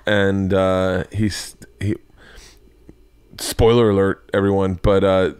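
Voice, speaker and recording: A man with a low-pitched voice tells a story on his podcast, his voice close and dry on the mic. He jumps into the voices of the people in the story and swears freely, a casual, animated storyteller in his forties. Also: slow pace, clear, resonant tone, dry recording. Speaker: podcast host. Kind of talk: casual chat.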